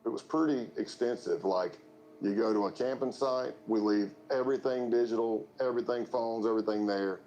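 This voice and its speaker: A man recounting his past undercover work, animated and acting out the dialogue himself. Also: mid-range voice, moderate pace, dull audio, faint music behind. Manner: animated storyteller, acts out dialogue. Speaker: former undercover informant. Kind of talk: recounting events in an interview.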